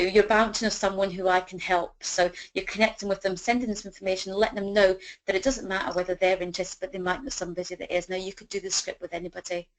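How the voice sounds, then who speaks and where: A woman's voice: mid-range voice, poor audio. A woman coaching sales conversation scripts, talking chattily and filling her speech with "you know". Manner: chatty, fills with "you know", acts out sample dialogue. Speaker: business trainer.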